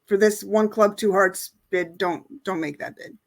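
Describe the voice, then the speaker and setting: A woman's voice: mid-range voice, fairly even intonation, unhurried. Woman teaching in a casual, chatty way. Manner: casual explaining, many fillers. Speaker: bridge teacher. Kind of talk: online lesson.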